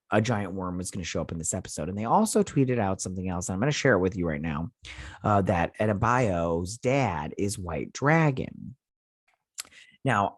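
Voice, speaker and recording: A man recaps a TV episode in a loose, chatty ramble, stumbling through restarts and fillers. His voice sits fairly low. The sound is dry and close, with no room echo. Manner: acts out characters' lines in quick impressions. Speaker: host of a TV review channel. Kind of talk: casual episode recap and review.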